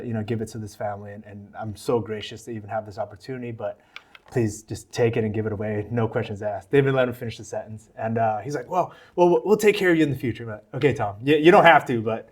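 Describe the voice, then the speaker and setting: A man's voice: on the low side, fast, slight background noise. Earnest American man telling a story. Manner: earnest, animated storytelling with quoted dialogue. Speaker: podcast guest. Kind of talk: casual testimony.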